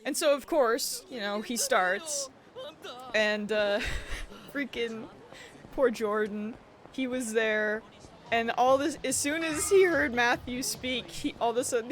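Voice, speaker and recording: A woman's voice: a little high, a little slow, fairly bright tone, a little hiss or hum. Chatty woman streaming a game. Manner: chatty, giggly storytelling. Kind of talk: casual live-stream gameplay chat.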